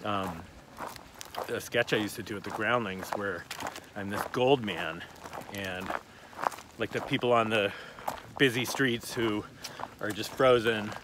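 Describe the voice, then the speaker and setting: A man in his forties, a comedian, chatting casually while hiking and telling animated stories outdoors. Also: unhurried, pauses often, noisy background. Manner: animated storyteller, jumps into high voices for quotes. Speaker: comedian guest.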